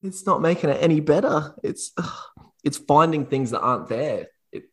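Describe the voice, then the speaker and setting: A man's voice: fairly high pitch, expressive, normal speed, fairly bright tone, slightly rough. A man co-hosting a casual football chat, wry and chatty, quoting stats as he goes. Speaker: podcast co-host.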